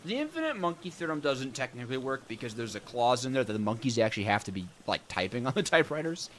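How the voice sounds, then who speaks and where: A man's voice: medium pitch, sing-song, fast, a bit bright, a little hiss or hum. A young man casually chatting and joking with viewers while streaming a video game, rambling between tasks. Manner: joking, rambling, answers chat. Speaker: gaming streamer. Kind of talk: casual let's-play chat with viewers.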